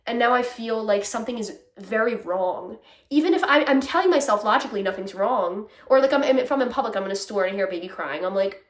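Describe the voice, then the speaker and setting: A woman's voice: medium pitch, animated, fast talker, distant mic. A young woman ranting candidly in a casual vlog, exasperated and swearing freely, often breaking into laughs. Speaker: vlogger. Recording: echoey room.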